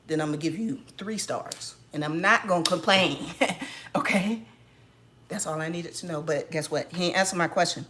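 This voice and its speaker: Sassy, laughing woman telling a story. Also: lowish voice. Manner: animated, sassy retelling with frequent laughs. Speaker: mom vlogger. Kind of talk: casual storytime chat.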